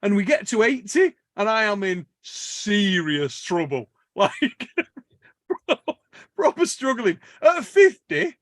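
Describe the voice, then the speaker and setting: A man with a notably high voice tells a long gym story in loose, profane podcast chat. He laughs through his own lines, and the sound is close and dry. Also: slow pace, no room sound. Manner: animated, swears a lot, laughs while telling stories. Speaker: podcast host.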